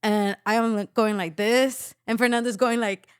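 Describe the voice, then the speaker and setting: A woman's voice: a little high, normal speed, clear, resonant tone, dry recording, clean studio sound. A young adult woman giving an emotional personal testimony as a podcast guest, acting out the voices of the people in her story. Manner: animated storytelling, acts out quoted voices.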